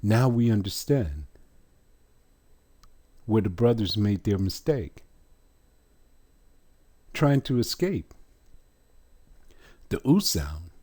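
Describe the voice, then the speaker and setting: Slow, deliberate male teacher, husky and lively. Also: lowish voice. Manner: drawn-out, deliberate, asks rhetorical questions. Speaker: religious teacher. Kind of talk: slow pronunciation lesson.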